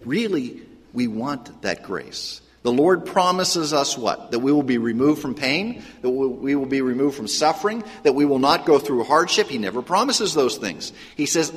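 Husky-voiced male preacher in a reverberant hall. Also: medium pitch, expressive, normal speed. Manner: quizzes the congregation with questions. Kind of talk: sermon. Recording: echoey hall with long reverb.

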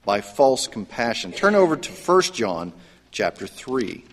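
A man's voice: medium pitch, very animated, unhurried. A male pastor preaching a sermon in an earnest, conversational way, often restarting his phrases. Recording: long hall reverb.

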